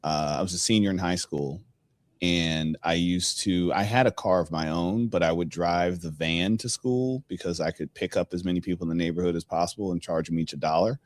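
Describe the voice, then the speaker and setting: Deep-voiced male podcast host. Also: fairly quick, dry recording. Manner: animated storyteller, acts out dialogue. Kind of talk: storytelling in a casual interview.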